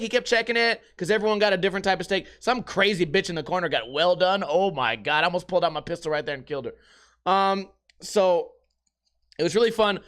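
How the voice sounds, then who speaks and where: High, bright-voiced rambling man. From United States. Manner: rambling, profane, jokey storytelling. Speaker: podcast host. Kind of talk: casual podcast monologue.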